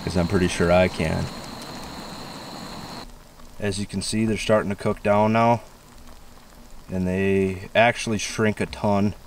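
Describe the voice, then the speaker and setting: A man's voice: deep voice, steady tone, unhurried, long pauses, noisy background. Chatty outdoorsman, distant mic. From US Midwest. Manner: folksy, chatty, enthusiastic. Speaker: outdoor show host. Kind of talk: casual outdoor cooking vlog. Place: outdoors near woods.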